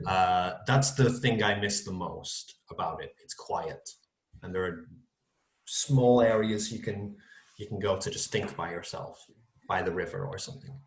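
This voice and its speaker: Hesitant teacher, low voice. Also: male voice, moderate pace, echoey room. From North-West England. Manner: hesitant, many ums and kind-ofs. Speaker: English teacher. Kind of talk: answering student questions on a video call.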